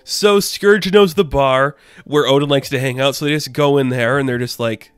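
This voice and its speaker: A man's voice: medium pitch, moderate pace, smooth, dry recording. A man who reviews comic books, talking casually with lots of enthusiasm and rambling asides. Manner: enthusiastic, rambling, frequent "like" fillers.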